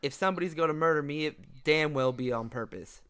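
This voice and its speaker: A man's voice: fairly high pitch, brisk, a bit bright, clean tone. A man playing a tabletop game in character, talking emphatically, swearing and laughing a lot.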